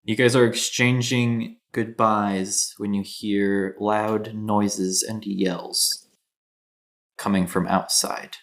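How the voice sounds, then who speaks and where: A man running a tabletop game as game master, narrating scenes in a relaxed, descriptive way. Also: on the low side, takes it slowly.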